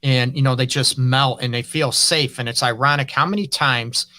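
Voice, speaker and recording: A man's voice: mid-range voice, steady tone, moderate pace, bright, forceful tone. A man hosting an interview as a relationship counselor, talking earnestly and frankly in loose run-on phrases. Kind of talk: conversational interview.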